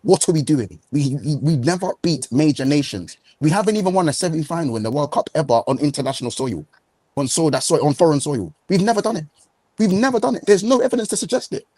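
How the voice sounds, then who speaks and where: A man's voice: fairly high pitch, animated, quick pace, warm tone, breathy edge, no room sound. A man ranting heatedly as co-host on a football podcast, repeating himself and full of slang. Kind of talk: heated casual chat.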